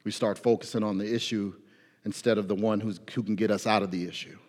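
A man preaching a sermon in a casual, animated way, with slang and acted-out prayers. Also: lowish voice, fast talker. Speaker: pastor. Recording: long hall reverb.

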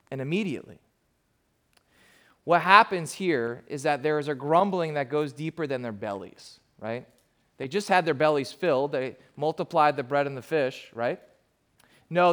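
A man's voice: fairly high pitch, fairly bright tone. A man who is a pastor, preaching a sermon in an emphatic, conversational way.

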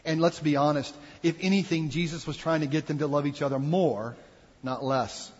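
Husky-voiced man preaching in a reverberant hall. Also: fairly high pitch, steady tone, normal speed, darkish tone. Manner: earnest, reflective preaching with acted quotes. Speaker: pastor. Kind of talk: sermon. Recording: dull sound with long hall reverb.

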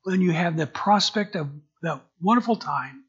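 An older man preaching in a husky, slightly breathy voice that sits fairly high for a man. He talks conversationally from the pulpit and often repeats words as he gropes for a phrase. The recording is dull and lo-fi. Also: animated, normal speed. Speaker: pastor. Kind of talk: sermon.

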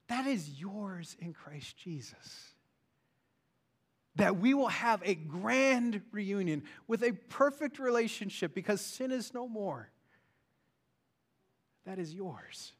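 A man preaching a sermon as a pastor, earnest, rising loud and then dropping to a hush. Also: high voice. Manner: earnest, swings from loud to hushed.

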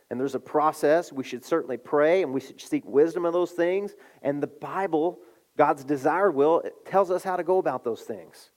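A middle-aged man preaching a sermon, telling a story with animated delivery and acting out the voices. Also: fairly high pitch. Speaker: pastor.

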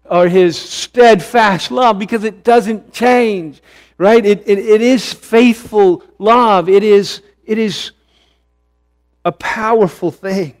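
A middle-aged pastor with a notably high voice delivers his sermon in an earnest, emphatic way. He leans on repetition and slows down on the words he wants to land. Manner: earnest, with emphatic repetition and slow stressed phrases.

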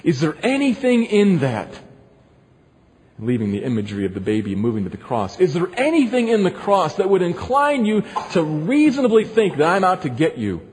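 A man's voice: high-pitched, huge pitch swings, normal speed, darkish tone, slightly rough, heavily acted. A man voicing God as a loving father who asks rhetorical questions, in a long echoing hall. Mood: tender. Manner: rhetorical questions, pleading and insistent.

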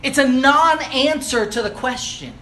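A man's voice: very high-pitched, unhurried, pushed and bright, slight background noise. Earnest man preaching a sermon. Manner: earnest, explanatory, builds emphasis.

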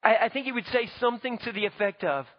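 A man's voice: very high-pitched, fast, lo-fi sound. A male pastor preaching a sermon to his congregation in a church, talking emphatically and conversationally.

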